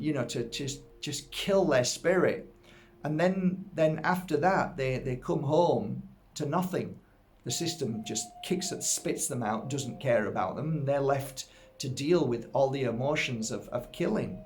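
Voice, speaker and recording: A man's voice: mid-range voice, darkish tone, slight background noise. A middle-aged man from Yorkshire, England, giving an earnest, reflective personal talk to viewers as an energy healer. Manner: earnest, heartfelt, musing. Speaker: energy healer and spiritual teacher.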